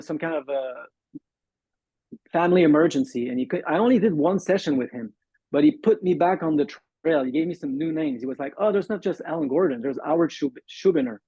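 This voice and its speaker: Heard on a muffled, dull, dry lo-fi call with no room sound, a Montreal man whose first language is French recounts his recovery for an interview. His voice is a little high, mellow, with a breathy edge. He's earnest, stops and starts, and plays out the dialogue he quotes.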